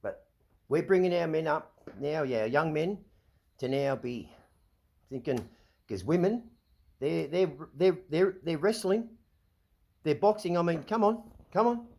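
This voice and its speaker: A middle-aged Australian man rants into the camera, slightly higher-pitched than most men, agitated and swearing freely. He trips over his words, repeating and restarting as he vents. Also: animated, a little slow, creaky, long pauses, mellow. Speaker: vlog host. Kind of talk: ranting monologue.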